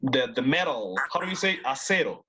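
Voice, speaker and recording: Teaching online, this man moves between Spanish, his first language, and English, cheering students on and repeating words as drills. His mid-range voice is sing-song and a little fast, with a sharp tone and a breathy edge.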